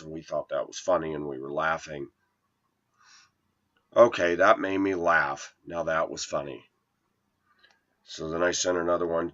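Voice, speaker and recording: A man's voice: sits low, fairly even intonation, normal speed, fairly bright tone, dull audio. A man telling a personal dating story to his viewers, aggrieved and quoting texts and calls word for word. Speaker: video blogger.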